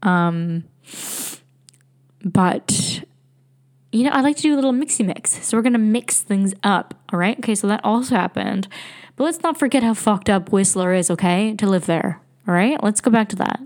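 A woman's voice: medium pitch, expressive, fairly quick, a little mellow. A young woman hosting a podcast, telling a rambling, casual story, swearing freely and laughing often. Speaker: podcast host.

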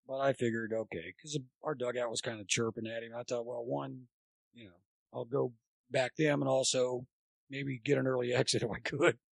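A man's voice: mid-range voice, moderate pace, vocal fry, no echo. An older man telling baseball coaching anecdotes in a casual podcast chat, acting out what people said. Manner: animated anecdote teller, acts out quotes. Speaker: podcast guest, former college baseball coach.

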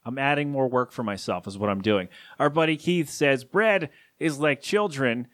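A man's voice: mid-range voice, moderate pace, fairly bright tone, dry recording. A man hosting a solo podcast from his home studio, rambling casually with self-deprecating asides. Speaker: podcast host.

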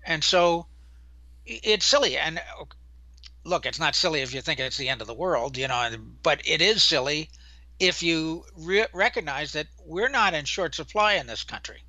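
An older man co-hosting a casual chat, talking earnestly and telling stories in a measured way. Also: on the high side, animated, sharp tone, dry recording. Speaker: co-host.

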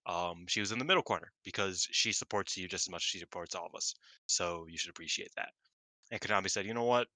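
An excitable man in casual podcast chat, swearing freely and acting out quotes in quick bursts. His voice sits low but sounds very bright and sharp. The recording is close and dry. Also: dry recording, low-quality recording. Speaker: podcast co-host. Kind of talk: casual wrestling review chat.

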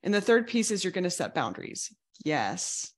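A woman's voice: lowish voice, very animated, moderate pace. A woman coach talking through a podcast lesson step by step, reassuring and now and then acting out quoted voices. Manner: reassuring, explains in steps, acts out quoted voices. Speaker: betrayal recovery coach. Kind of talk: podcast teaching talk.

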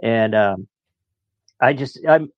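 A man's voice: mid-range voice, slow pace, no room sound. A man in his late forties, a podcast guest telling stories in a chatty way and laughing as he talks. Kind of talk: casual storytelling. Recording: dull muffled dry sound.

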